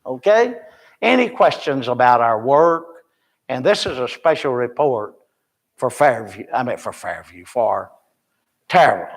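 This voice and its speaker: A man's voice: medium pitch, big pitch swings, a little slow, creaky. An older man, a missionary, giving an informal and rambling report to a church Bible class with folksy, self-deprecating humor.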